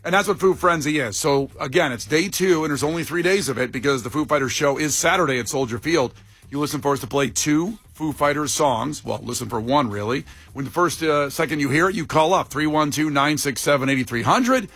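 A man's voice: a little high, brisk, a bit bright, breathy edge, dry recording, soft background music. A man hosting a morning radio show, bantering upbeat and joking with his co-hosts. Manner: upbeat, jokey, mock-impersonates callers.

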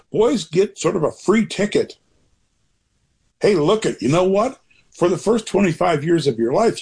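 A man's voice: fairly high pitch, creaky, darkish tone, breathy edge. An older man, a grandfather, speaking as an author guest in a casual interview, rambling and reflective with many restarts.

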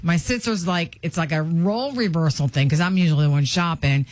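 A woman radio host chatting on air, telling a story in an animated way and acting out what people said. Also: fairly low pitch, fast, hardly any pauses, no room sound. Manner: animated storytelling, acts out quotes. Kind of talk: casual radio chat.

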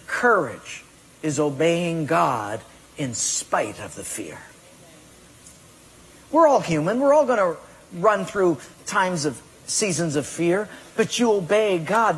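A pastor preaching a sermon with emphatic delivery and rhetorical questions to the congregation. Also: male voice, high voice, husky. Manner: emphatic preaching, rhetorical questions, acts out excuses in quoted voices. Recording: long hall reverb.

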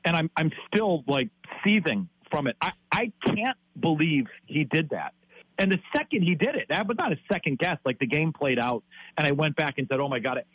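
A man in his fifties, from Wisconsin, delivers an exasperated sports-talk rant, repeating himself as he goes. His voice sits high and comes out husky. The sound is dry and close. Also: lively intonation, normal speed, fairly bright tone, no echo, low-quality recording. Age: 50s.

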